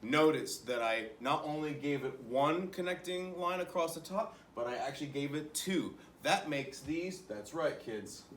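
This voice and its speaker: A man's voice: on the high side, expressive, measured pace, hardly any pauses, roomy sound, far from the mic, slight background noise. A young man teaching an online music lesson to children, encouraging them and counting rhythms aloud as he claps.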